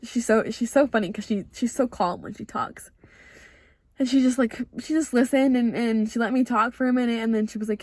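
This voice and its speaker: A woman's voice: a little high, fairly quick, a little mellow, no room sound, clean studio sound. A young woman hosting her own podcast, telling a personal story in a confessional, casual way and often acting out her own past words. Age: young adult. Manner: chatty and confessional, heavy use of "like". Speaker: podcast host.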